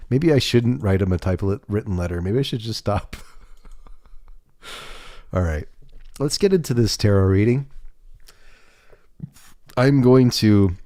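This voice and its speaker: A man's voice: on the low side, mellow, no room sound, studio quality. A man hosting a livestream, chatting casually in a rambling, candid way with some swearing. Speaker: livestream host.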